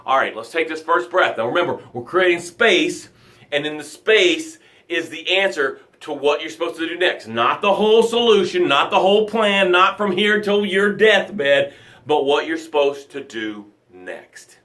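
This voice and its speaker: A man coaching listeners on a motivational daily broadcast, emphatic and preachy, swinging from loud bursts to hushed lows and calling his audience "tribe". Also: expressive, moderate pace.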